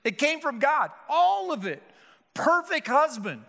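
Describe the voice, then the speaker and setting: A man's voice: extremely high pitch, very animated, measured pace, gravelly, pushed and bright. A male pastor preaching a sermon with emphatic, rhetorical delivery and frequent restarts. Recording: hall reverb.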